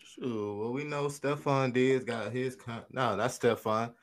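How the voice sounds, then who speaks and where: A man's voice: medium pitch, fairly even intonation, a little slow. A man co-hosting a sports podcast in casual chat, often correcting himself mid-sentence. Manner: self-correcting, conversational. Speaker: podcast co-host.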